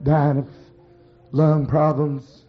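A preacher with a high voice tells a dramatic story in a sermon, swinging from hushed to shouting. The recording sounds dull and lo-fi, with faint music underneath. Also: male voice, flat delivery, very slow.

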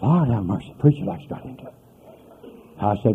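Man, husky voice, preacher in a church, hushed then shouting. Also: fairly low pitch, expressive, moderate pace, phone-quality sound. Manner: swings from hushed storytelling to hollering shouts. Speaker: pastor. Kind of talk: holiness sermon.

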